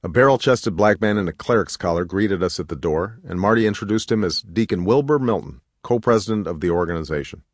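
A man reading a memoir audiobook in a measured, reflective way into a close studio mic. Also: deep voice, lively intonation, dry recording. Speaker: narrator.

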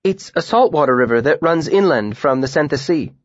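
A man's voice: fairly high pitch, expressive, a little fast, no echo, muffled recording, voice pushed up. A man doing a hesitant young male student. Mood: unsure.

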